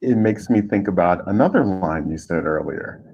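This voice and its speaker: A man hosting an interview, asking measured, probing questions. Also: low-pitched, lively intonation, darkish tone, husky, highs cut off. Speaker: host.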